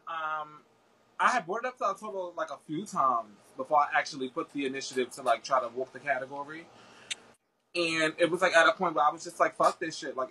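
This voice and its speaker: A woman's voice: deep voice, bright, forceful tone, husky, rough recording. A young woman guest talking about her experiences in casual, slangy, profane chat, full of fillers.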